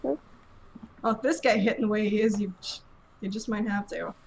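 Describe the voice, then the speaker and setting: A woman's voice: medium pitch, moderate pace, vocal fry, slightly rough, poor audio. A woman playing a tabletop game, chatty and thinking her moves through aloud. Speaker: player. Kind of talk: casual tabletop play.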